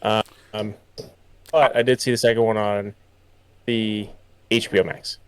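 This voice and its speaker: A man's voice: fairly low pitch, little pitch movement, a little slow, clear, resonant tone. A man co-hosting a podcast, chatting casually and offhandedly about movies. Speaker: podcast co-host.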